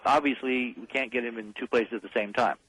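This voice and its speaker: A man's voice: mid-range voice, fairly even intonation, a little fast, fairly bright tone, breathy edge, no echo, poor audio. Insistent, emphatic man on talk radio. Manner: emphatic, insistent, rallying listeners. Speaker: radio talk show guest. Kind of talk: impassioned radio call-in talk.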